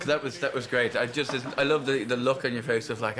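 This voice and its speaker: A middle-aged man and comedian bantering through a DVD commentary, teasing and interrupting his co-host with quick laughs. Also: mid-range voice, steady tone, crowd noise. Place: commentary booth.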